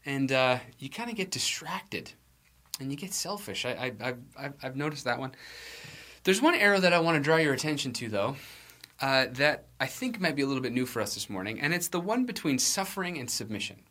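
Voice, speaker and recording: A man's voice: mid-range voice, very animated, a little fast, pushed and bright. A man preaching a sermon to his church in a conversational, self-deprecating way, with restarts and light laughs. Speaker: pastor.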